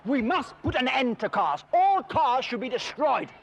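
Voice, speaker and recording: A man's voice: extremely high pitch, big pitch swings, measured pace, creaky, slight background noise, heavily acted. An actor playing a stubborn, argumentative male smoker protesting pollution in a TV sketch. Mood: indignant. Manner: argumentative, indignant.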